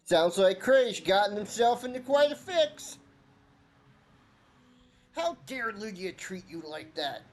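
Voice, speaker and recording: A man voicing an old male cat-folk village elder in a video game, gruff and proud with a huffy, blustering manner. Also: sits high, very animated, slow pace, pauses often, voice pushed up, heavily acted. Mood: indignant. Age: older.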